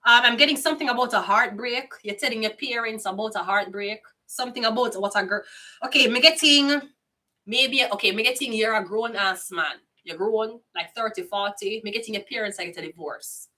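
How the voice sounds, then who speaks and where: A woman's voice: on the high side, brisk, bright, forceful tone, far from the mic. A woman with a Jamaican accent giving a casual tarot reading, blunt, chatty and profane in patois. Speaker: tarot reader.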